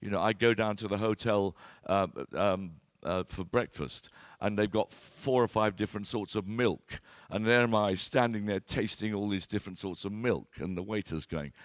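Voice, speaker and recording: A man in his later years, a wine expert telling self-deprecating comic stories to an audience, halting and repeating words, with plenty of fillers. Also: fairly low pitch, dry recording. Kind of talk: anecdotal talk to an audience.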